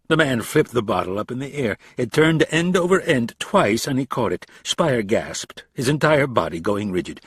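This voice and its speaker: A man reading a thriller audiobook in steady, measured scripted narration. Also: mid-range voice, slightly rough, no echo, studio quality.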